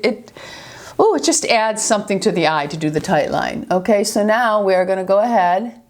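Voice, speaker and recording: An older woman from New York with a New York accent, giving a chatty, affectionate makeup tutorial and often checking in with her viewers. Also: mid-range voice. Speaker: beauty vlogger.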